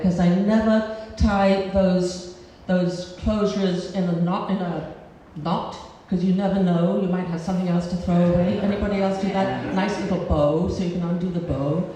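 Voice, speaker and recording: Woman storyteller, animated and laughing at herself, recorded far off in a reverberant hall. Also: lowish voice, moderate pace, few pauses. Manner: animated, comic, laughing at her own story. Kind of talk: live storytelling performance. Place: cultural center stage before an audience. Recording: roomy hall from a distance.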